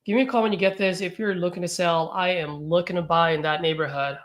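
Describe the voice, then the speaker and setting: A man's voice: high voice, fast talker. Easygoing man leaving friendly voicemails. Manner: easygoing, friendly, relaxed filler words. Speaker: real estate wholesaler hosting a live calling session. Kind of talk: live-streamed voicemails and chat to viewers.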